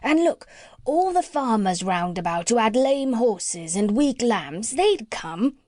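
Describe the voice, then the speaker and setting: A woman's voice: on the high side, very animated, slow, a little mellow, no room sound, clean studio sound, heavily acted. A woman voicing a pushy working-class butcher in a storybook reading, wheedling and dropping letters.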